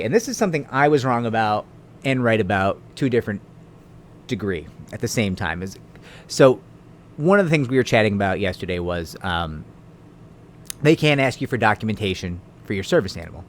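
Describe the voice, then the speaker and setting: A man with a fairly low voice explains legal rules in a relaxed, conversational way. He checks in with the viewer with quick tag questions and slips in dry, sarcastic asides. A faint background hiss sits under the recording. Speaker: lawyer explaining the law. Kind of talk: casual explanatory video talk.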